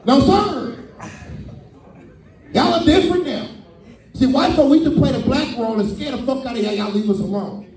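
Loud high-voiced man doing stand-up. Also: moderate pace, long pauses. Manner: loud, crowd-working, profane. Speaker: stand-up comedian. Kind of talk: stand-up comedy set. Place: comedy club stage. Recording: echoey room from far off with loud crowd. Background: audience laughter.

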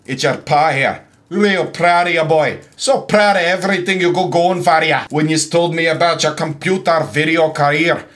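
A man's voice: fairly high pitch, steady tone, normal speed, few pauses, close to an everyday voice. A man voicing a proud but scolding old father in a hammy put-on Scottish accent. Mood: mock-proud scolding. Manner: hammy, loud, mock-folksy. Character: boastful old brogue-talking dad scolding his son.

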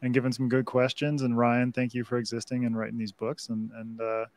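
A man's voice: mid-range voice, completely flat delivery, brisk, a little mellow. A male podcast co-host wrapping up a livestream chat, laid-back and friendly, swearing casually.

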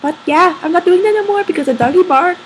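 A woman chatting and rambling in a silly home video, giggly and quick to burst into shouting. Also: very high voice, a little hiss or hum.

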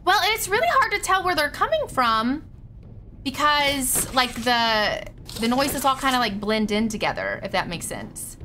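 A woman's voice: high-pitched, very animated, unhurried, bright, forceful tone, slight background noise. A young woman streaming a horror game live, panicking, shrieking and swearing as she plays. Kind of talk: live gameplay commentary.

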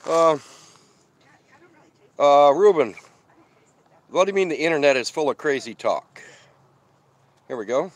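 A man's voice: on the high side, animated, a little slow, long pauses. A man casually chatting on a live stream from an outdoor desert campsite, rambling and talking while he eats. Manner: chatty, rambling, reads out viewer comments; talks while eating. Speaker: van-life vlogger hosting a live stream.

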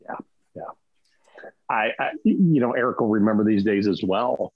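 A man with a low, rough, fry-laden voice talks shop in an emphatic, casual way, tossing in "right?" as he goes. He sounds husky and a bit muffled over a remote link. The sound is close and dry. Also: normal speed, dry recording. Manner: emphatic, keeps asking "right?". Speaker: podcast panelist. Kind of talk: casual panel chat.

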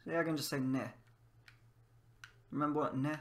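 A man's voice: a little high, little pitch movement, a little fast. A man casually teaching Japanese words while playing a game, laughing often and drilling phrases by repeating them. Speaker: language teacher. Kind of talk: casual gameplay lesson.

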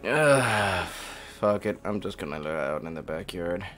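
A man's voice: deep voice, fairly quick, faint music behind. A man streaming a video game from home, chatting casually with a friend, joking and swearing, and scolding his dog between rounds. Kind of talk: casual gaming chat.

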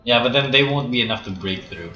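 Teasing young man with a bright voice. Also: mid-range voice, expressive, quick pace, muffled recording, faint music behind. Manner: laughing, teasing. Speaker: gamer. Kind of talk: casual gaming banter. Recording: roomy home recording.

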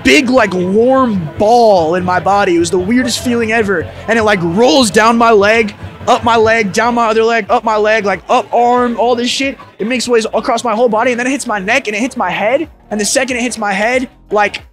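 High-voiced young man telling a story. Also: a little fast, a bit bright. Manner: laid-back, filler-heavy slang with frequent "like" and swearing. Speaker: musician guest. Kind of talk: casual storytelling in an interview.

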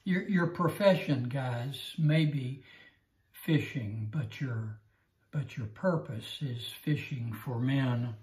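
A man teaches a Bible lesson earnestly, often stammering, restarting, and repeating himself. His mid-range voice is slow with a darkish tone, and the recording has a roomy echo.

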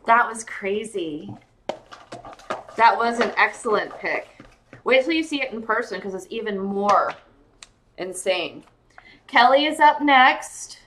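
A woman hosting a casual live-stream jewelry sale, excitable and gushing, calling out viewers by name and sounding giddy and tired late at night. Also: medium pitch, slow pace, long pauses, a little hiss or hum.

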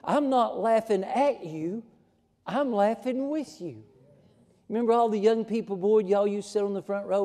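Folksy preacher in a reverberant church. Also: male voice, sits high, dark tone. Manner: folksy, emphatic preaching, rising to a fervent climax. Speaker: pastor. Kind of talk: sermon. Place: church sanctuary.

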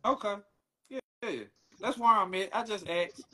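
A man's voice: high-pitched, normal speed, bright, forceful tone. A man hosting a live stream, laid-back, profane and teasing. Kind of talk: casual live-stream chat.

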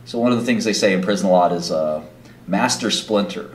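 A man's voice: sits low, rapid-fire, darkish tone. A man hosting a casual livestream, rambling through stories with lots of filler words. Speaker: livestream host. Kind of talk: casual storytelling chat. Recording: echoey room.

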